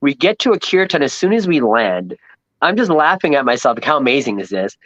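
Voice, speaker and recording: A man from Long Island, telling a rambling, animated travel story as a podcast guest and acting out the people he met. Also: medium pitch, fairly quick, no room sound, muffled recording. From New York, Long Island. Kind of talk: casual storytelling chat.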